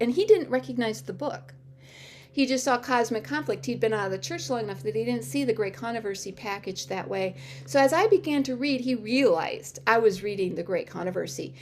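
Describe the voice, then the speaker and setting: A middle-aged woman telling her personal testimony to a church audience, acting out quoted dialogue in an animated way with sudden high-pitched exclamations. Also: a little hiss or hum.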